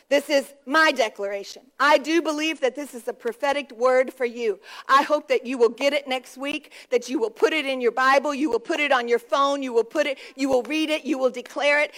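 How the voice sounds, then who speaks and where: A woman pastor preaching a sermon at a church service, making fervent declarations and calling the congregation to respond. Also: sits high.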